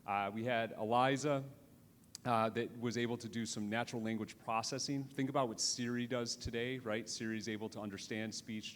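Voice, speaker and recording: Man lecturing in a reverberant hall. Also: fairly low pitch. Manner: conversational, many restarts and "right?" tag questions. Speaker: conference speaker. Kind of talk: live conference lecture. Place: conference hall. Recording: reverberant hall with faint noise.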